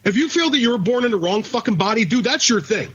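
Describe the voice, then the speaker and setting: High, husky man ranting bluntly. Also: lively intonation, fast, a bit bright. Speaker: podcast co-host. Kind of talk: casual podcast chat. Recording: dull lo-fi recording.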